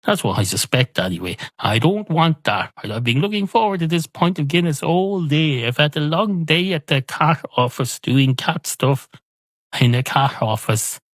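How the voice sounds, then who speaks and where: A man's voice: a little high, animated, moderate pace, dry recording, voice pushed up. An Irish man voicing a fussy, demanding male cat ordering a pint, in a pedantic, complaining comic storytelling manner.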